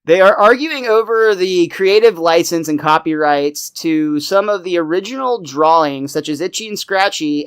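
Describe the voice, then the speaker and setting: A man's voice: fairly high pitch, a bit bright, smooth. A man hosting a podcast, recapping a cartoon episode in casual chat and laughing often. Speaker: podcast host.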